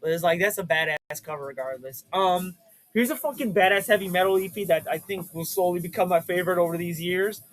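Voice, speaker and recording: A young man in casual chat, showing off his records with excited, profane enthusiasm. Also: high-pitched, a little fast, rough recording. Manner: excitable and profane, with bursts of shouting.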